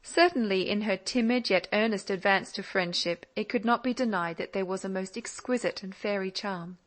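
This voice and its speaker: A woman narrating a classic novel in an audiobook, measured and reflective. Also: mid-range voice.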